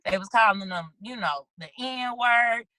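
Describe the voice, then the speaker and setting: Bright-voiced woman on a video call. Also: fairly high pitch, a little slow, no room sound, rough recording. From St. Louis, USA. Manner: animated storytelling, acts out little quoted lines. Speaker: guest, children's book author. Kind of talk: casual video-call interview.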